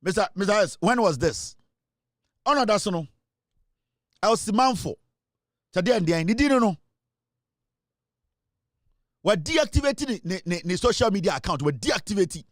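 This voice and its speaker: A man with a Ghanaian accent delivers a scornful, angry rant, sliding between English and Twi. His voice sits fairly high and sounds dry and close, with no room around it. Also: animated, measured pace, pauses often, no echo. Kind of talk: angry social media rant.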